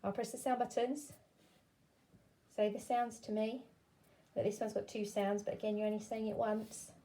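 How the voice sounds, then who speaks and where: A woman teaching a phonics lesson to young children, sounding out words slowly and clearly and encouraging them to join in. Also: medium pitch, little pitch movement, warm tone, a little hiss or hum.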